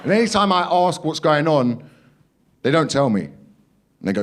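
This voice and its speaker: A man's voice: on the high side, big pitch swings, moderate pace, a little hiss or hum. A young man performing a stand-up comedy set, telling a story in a punchy way, acting out quotes and swearing as he goes. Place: comedy club stage.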